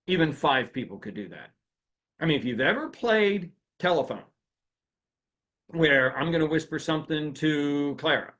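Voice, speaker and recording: A man giving a live seminar on workplace rules, animated and often turning questions back to his audience. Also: on the high side, muffled recording. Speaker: workplace law and HR seminar speaker.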